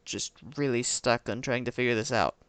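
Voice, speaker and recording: A man's voice: mid-range voice, steady tone, normal speed, a bit bright, clean tone, dry recording. A man streaming a game live, musing to himself in casual commentary and hunting for the right words.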